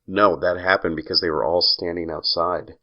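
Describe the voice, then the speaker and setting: A man's voice: deep voice, level tone, normal speed, lo-fi sound. A man co-hosting a podcast in casual chat, telling stories in a wry, teasing way. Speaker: podcast co-host.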